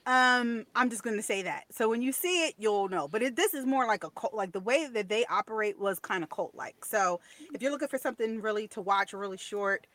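A woman's voice: mid-range voice, fairly quick, fairly bright tone, dry recording. A woman co-hosting a podcast, chatting casually and sharing opinions in a storytelling way. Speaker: podcast co-host. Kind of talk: casual chat.

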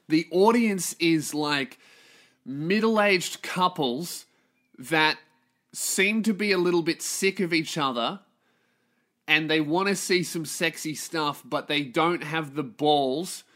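Australian male comic, podcast host, fairly high and punchy tone, profane rambling storyteller. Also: slow, fairly bright tone. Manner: profane, rambling, laughs at his own jokes. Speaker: stand-up comedian and podcast host. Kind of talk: casual comedic storytelling monologue.

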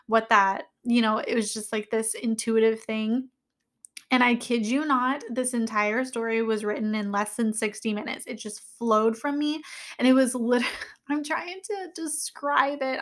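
A woman's voice: fairly high pitch, fairly bright tone. A young woman telling a personal story in a casual, emotional way, rambling with many fillers. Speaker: children's book author.

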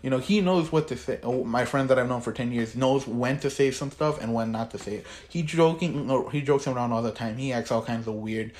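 A man's voice: medium pitch, a little fast, few pauses, darkish tone, a little hiss or hum. Teen male co-host, casual profane rant, rambling delivery. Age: teens. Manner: profane, rambling, gets worked up. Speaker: podcast co-host. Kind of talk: casual chat.

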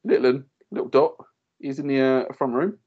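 A man in his thirties, a podcast co-host telling animated stories in casual chat and acting out what others said. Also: mid-range voice, moderate pace, slightly rough, muffled recording. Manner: animated storyteller, acts out quoted voices.

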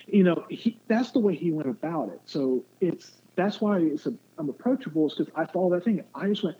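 A man's voice: fairly high pitch, expressive, fast. Male guest, casual faith talk, rambling, tinny line. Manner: rambling, restarts often, acts out quotes. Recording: muffled phone-like line with faint noise.

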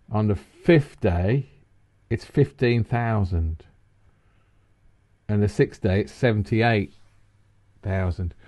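A middle-aged man banters with his co-host in an easygoing, rambling way. His pitch leaps around constantly as he talks, rising high whenever something amuses him. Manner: animated, rambling, breaks into high laughs. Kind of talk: casual banter.

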